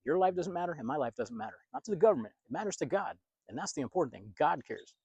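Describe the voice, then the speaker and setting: A man from the United States preaching in a fast, blunt, confrontational monologue. His voice is husky and sits somewhat high. It is recorded close and dry, with almost no room sound. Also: big pitch swings, mellow, no echo. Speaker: pastor and video host.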